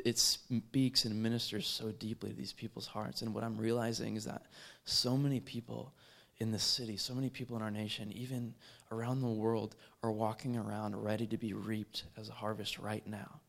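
A man telling a personal faith testimony in an earnest, halting way, with many fillers and restarts. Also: fairly low pitch, level tone, creaky, fairly bright tone. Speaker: street evangelist.

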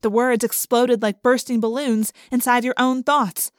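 Dry, expressive audiobook narrator, a woman. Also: moderate pace, dry recording. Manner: expressive, lifting pitch for dialogue. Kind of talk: audiobook reading.

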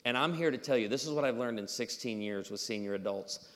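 A man preaching a humorous sermon with stories, acting out dialogue in an animated way. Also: medium pitch, brisk. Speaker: pastor. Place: church auditorium. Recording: live hall reverb.

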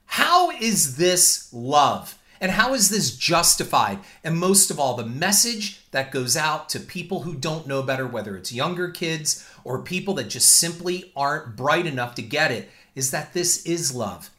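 A man's voice: fairly high pitch, animated, normal speed, few pauses, pushed and bright. Blunt, indignant man ranting. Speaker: podcast host. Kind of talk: opinion rant.

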